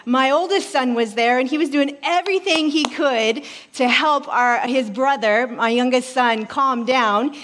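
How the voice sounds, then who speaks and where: A woman pastor in her forties preaching a sermon in a church, telling a story in an animated way and acting out voices. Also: high voice, measured pace, few pauses. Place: church sanctuary. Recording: reverberant hall.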